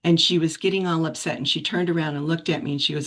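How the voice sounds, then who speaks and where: Woman, lowish voice, telling a personal story on a video call, reflective and unhurried, restarts often. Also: fairly even intonation. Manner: reflective, with frequent restarts and soft laughs. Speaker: practice group member sharing a story. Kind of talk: casual personal sharing.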